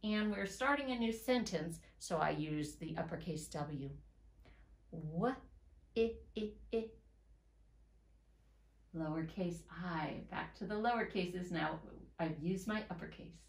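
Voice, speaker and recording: A woman teaches young children to read and write, spelling out each letter slowly and deliberately. Her pace is very unhurried, and the room around her sounds roomy and echoey. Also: lowish voice. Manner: slow, sounds out letters and words one by one. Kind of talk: reading and writing lesson for young children.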